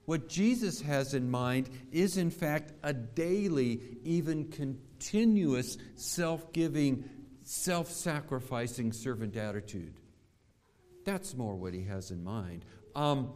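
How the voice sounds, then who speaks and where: Male pastor, slightly high voice, measured sermon delivery, long hall reverb. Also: expressive, darkish tone. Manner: measured preaching, rhetorical questions to the congregation.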